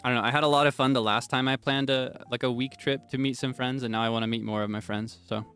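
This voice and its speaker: A man streaming a game, chatting casually and rambling between sudden loud, high outbursts. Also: fairly even intonation, fast, smooth, faint music behind. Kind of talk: casual gameplay chat.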